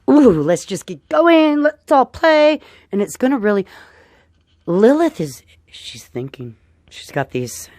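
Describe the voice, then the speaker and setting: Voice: medium pitch, darkish tone, dry recording. An astrologer giving a casual forecast to viewers, chatty and upbeat, often tagging on "right?" and calling listeners dear friends.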